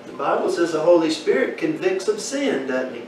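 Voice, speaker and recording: Male Bible teacher, high voice, questions the class, recorded far off in an echoey room. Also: big pitch swings, a little fast, a little mellow, soft background music. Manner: asks the class questions, folksy storytelling.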